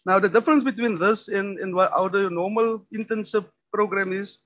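A man's voice: sits high, fairly even intonation, normal speed, a bit bright, no echo. A man presenting at a public forum as a municipal skills official, hesitant and full of restarts. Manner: hesitant, many ums and restarts. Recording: dull lo-fi recording.

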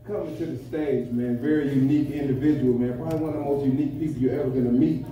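A man's voice: mid-range voice, fairly even intonation, rapid-fire, far from the mic, dull audio. A man hosting a comedy night, bantering loosely and swearing, on a handheld mic in a nightclub. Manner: loose, swearing, hyping the crowd. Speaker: comedy show host. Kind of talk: stand-up emcee banter. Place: nightclub stage. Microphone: handheld stage mic. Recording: echoey club, voice from afar.

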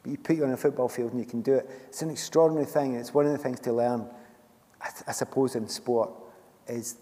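Middle-aged Scottish man, warm low-toned voice, chatty storyteller on a hall stage. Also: steady tone, quick pace. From Scotland. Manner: chatty, storytelling, laughs often. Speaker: guest author. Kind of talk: stage conversation at a book festival. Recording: long hall reverb from a festival stage.

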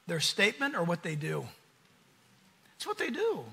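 A man preaching a sermon at a conference in an American accent, animated and acting out the voices he quotes. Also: high voice, normal speed, creaky, breathy edge. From United States. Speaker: pastor. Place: conference hall.

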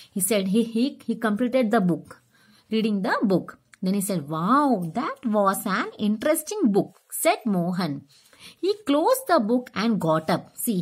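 Husky, lively teacher. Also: female voice, fairly high pitch. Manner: explaining slowly, repeating lines and asking children questions. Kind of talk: read-aloud lesson for young children.

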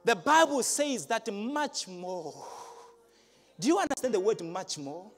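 A man preaching a live sermon to a congregation, speaking emphatically, asking the crowd questions and rising to shouts. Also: extremely high pitch, very animated, unhurried, faint music behind. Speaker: pastor. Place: large church hall.

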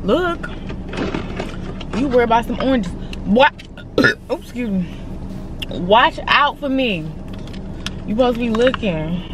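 A woman's voice: on the high side, expressive, unhurried, pauses often. A woman vlogging casually from her car on a long road trip, talking to herself and her dog with lots of swearing. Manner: chatty, profane, talks to herself and her dog. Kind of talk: casual driving vlog. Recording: dull lo-fi audio with loud road noise.

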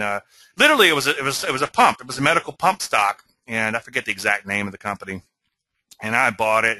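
Very bright, lively man explaining trades. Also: medium pitch, no room sound, poor audio. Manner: animated, talks straight to viewers with frequent "okay?". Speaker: host of a weekly market chart show. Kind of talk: webinar-style trading commentary.

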